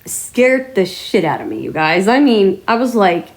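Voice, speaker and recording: A woman vlogger chatting casually to her viewers, telling stories in a chatty way with mild swearing and drawn-out exclamations. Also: medium pitch, big pitch swings. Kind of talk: casual chat to camera.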